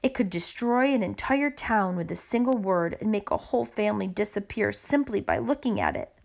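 A woman reading a children's picture book aloud with expressive narration. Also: medium pitch, moderate pace, gravelly. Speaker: storybook reader.

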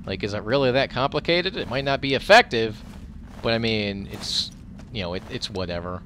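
Excitable, swearing man narrating gameplay. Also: lowish voice, normal speed, slight background noise. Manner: excitable, profane, talks to the game as he plays. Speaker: gaming commentator. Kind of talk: let's play gameplay commentary.

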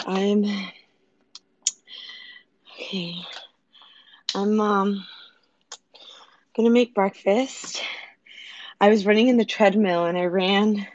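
A woman's voice: medium pitch, steady tone, slow pace, pauses often, a little mellow, dry recording, highs cut off. Giggly woman chatting on a livestream. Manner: chatty, giggly, talks back to viewer comments. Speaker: livestream host. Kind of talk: casual livestream chat with viewers. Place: home kitchen.

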